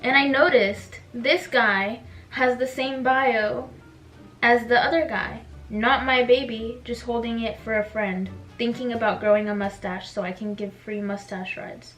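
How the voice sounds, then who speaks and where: A woman's voice: fairly high pitch, steady tone, measured pace, fairly bright tone, faint music behind. A young woman chatting casually through a makeup vlog, bubbly and giggly, with lots of "like" fillers. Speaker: beauty vlogger.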